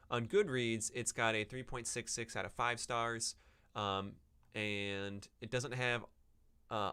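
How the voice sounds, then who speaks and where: A man's voice: fairly low pitch, a bit bright, smooth. A man hosting a book-review podcast, talking casually without a script and rambling with many ums and self-corrections. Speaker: podcast host reviewing books. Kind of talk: unscripted casual podcast talk.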